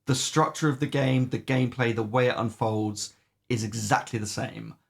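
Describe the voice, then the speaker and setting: Speaking at normal speed with a steady tone, this man has a gravelly mid-range voice. As a podcast co-host he casually reviews games, rambling with plenty of "um"s and dropping the occasional swear.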